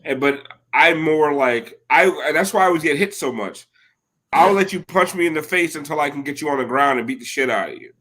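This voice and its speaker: A man's voice: a little high, expressive, fairly quick, fairly bright tone. A man in his thirties chatting casually, rambling through stories with lots of filler words and swearing. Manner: rambling storyteller, heavy filler "like", profane. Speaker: podcast co-host. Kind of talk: casual chat.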